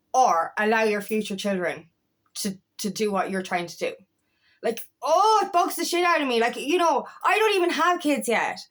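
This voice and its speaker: A woman's voice: fairly high pitch, a bit bright. Fiery, swearing woman coach. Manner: fiery, swears often, repeats herself. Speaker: empowerment coach. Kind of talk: impassioned motivational monologue.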